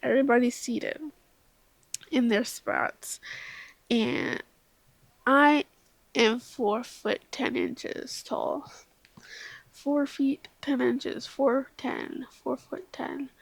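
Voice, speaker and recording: A young woman vlogger telling a rambling, self-deprecating story in casual chat, a little tipsy, with laughs and soft whispered asides. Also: high voice, very slow, vocal fry, long pauses, no echo.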